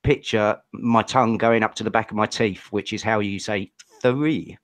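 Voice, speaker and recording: A man's voice: fairly low pitch, steady tone, normal speed, dry recording. A man with an English accent co-hosting a casual podcast and giving blunt opinions.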